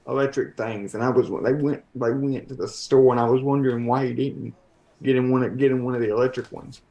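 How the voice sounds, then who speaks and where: A man's voice: medium pitch, steady tone, brisk, dark tone, highs cut off. Chatty man chiming in. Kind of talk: casual chat.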